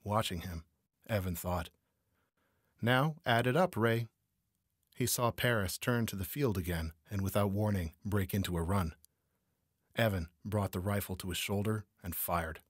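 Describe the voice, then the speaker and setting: A man narrating a noir crime story as an audiobook reader, measured and steady. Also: low-pitched, breathy edge, no room sound, studio quality.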